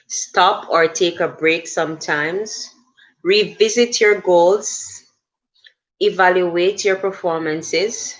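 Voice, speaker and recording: A middle-aged woman hosting a casual motivational livestream, talking earnestly and chatting with many fillers and restarts. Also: fairly low pitch. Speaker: livestream host.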